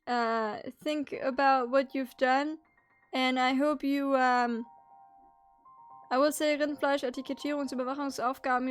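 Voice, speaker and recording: Young female streamer, high-pitched and unhurried, playful teasing delivery over soft background music. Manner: teasing, playful, swearing freely. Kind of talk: casual live-stream chat.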